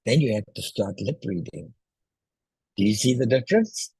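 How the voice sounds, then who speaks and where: A man coaching viewers on online presentations in a casual tutorial, talking loudly on purpose and often checking in with "right?", from a small one-room apartment. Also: lowish voice, big pitch swings, moderate pace, pauses often, breathy edge, dry recording, low-quality recording.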